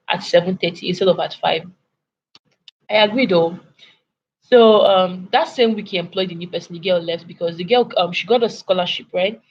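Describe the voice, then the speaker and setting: Young Nigerian woman telling a story. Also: fairly low pitch. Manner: animated, indignant, clears throat often. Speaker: vlogger. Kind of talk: casual storytelling. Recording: lo-fi with faint background noise.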